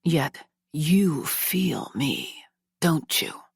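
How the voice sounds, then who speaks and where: A woman voicing a cold, dangerous, dominating man in a romance audiobook, in a slow, low, menacing murmur. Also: steady tone, darkish tone, no room sound, clean studio sound, heavily acted.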